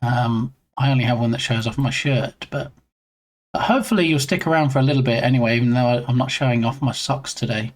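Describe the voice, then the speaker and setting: A man's voice: mid-range voice, fast talker. A man streaming live and chatting casually with his viewers in a rambling way, greeting them by name.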